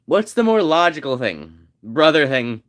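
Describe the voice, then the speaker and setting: A man's voice: on the high side, sing-song, a little slow. A man streaming a game, chatting casually and joking with his viewers in a rambling way. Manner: rambling, joking, talks to chat. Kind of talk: casual gameplay chat.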